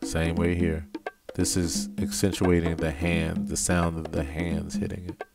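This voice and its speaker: A man with a low, gravelly voice and a fairly level delivery walks through a mixing session in a relaxed, explanatory tone, thinking aloud as he goes. Music tracks play clearly behind his voice. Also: a little slow. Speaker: music producer teaching mixing. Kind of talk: casual screen-recorded tutorial. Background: music playback.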